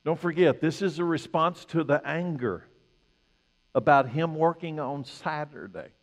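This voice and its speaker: A male pastor preaching a sermon, swinging from loud emphatic peaks to hushed, low lines. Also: measured pace, big-room sound.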